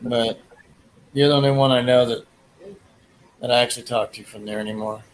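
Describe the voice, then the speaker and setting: A man's voice: medium pitch, fairly even intonation, fairly quick, rough recording. A man hosting a livestream, chatting casually in a rambling way with crude jokes and lots of fillers. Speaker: livestream host. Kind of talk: casual chat.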